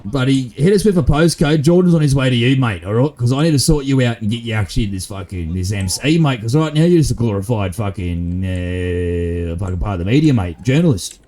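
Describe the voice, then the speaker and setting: A man's voice: mid-range voice, expressive, fairly quick, hardly any pauses, warm tone. A man with an Australian accent, swearing and bantering in a roleplay game stream. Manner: crude, swearing banter in broad slang. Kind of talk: roleplay gaming chat.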